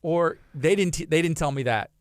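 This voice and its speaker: Man, radio host, from Texas, upbeat and chatty, fairly high smooth voice, dry studio sound. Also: moderate pace, dry recording. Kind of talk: casual live radio chat.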